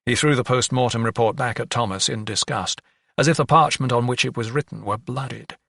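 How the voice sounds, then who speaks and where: A man reading an audiobook in a measured storytelling manner. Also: mid-range voice, gravelly, fairly bright tone, no room sound, studio quality. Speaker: audiobook narrator. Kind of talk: scripted narration.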